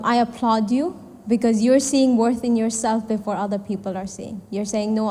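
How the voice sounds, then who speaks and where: A woman's voice: on the high side, dark tone. Young woman speaking in an echoing hall. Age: 20s. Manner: candid, chatty, many fillers, acts out quoted dialogue. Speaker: startup founder and event speaker. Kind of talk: personal story speech to an audience. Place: event hall. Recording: long hall reverb.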